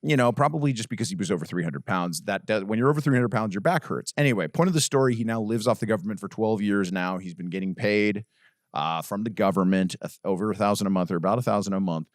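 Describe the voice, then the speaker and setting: A man hosting a casual podcast roast, teasing a guest with lively, repetitive banter. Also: on the low side, fast, no room sound, clean studio sound. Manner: lively, teasing, laughs a lot, repeats himself. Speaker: podcast host.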